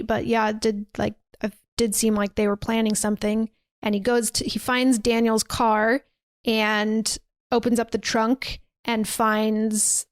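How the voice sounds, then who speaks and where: A woman's voice: fairly high pitch, clean tone, no room sound. A woman podcast host casually retelling a movie's scenes, acting out quoted lines with plenty of swearing. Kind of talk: casual chat.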